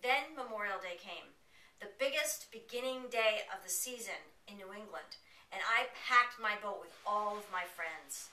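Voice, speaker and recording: A woman in her forties tells a personal story to an audience, lively and dramatic, slipping into the voices of the people she recounts. Her voice is bright and forceful. She sounds a little distant from the mic in a roomy hall. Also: medium pitch, measured pace. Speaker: periodontist telling a personal story.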